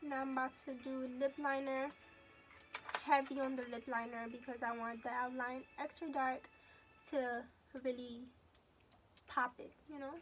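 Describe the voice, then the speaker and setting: Walking through a makeup tutorial step by step, a teenage girl who's a beauty vlogger chats casually in a high voice. She keeps a level tone at a moderate pace, with soft music playing in the background.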